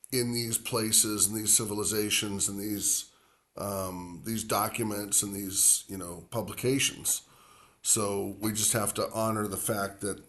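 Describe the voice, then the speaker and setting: Male language teacher, slow and rambling, stretches out each word he drills. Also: fairly low pitch. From grew up near the Atlantic coast. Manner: rambling, filler-heavy explaining, drawn-out repeated Spanish words. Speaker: Spanish teacher. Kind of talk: language lesson.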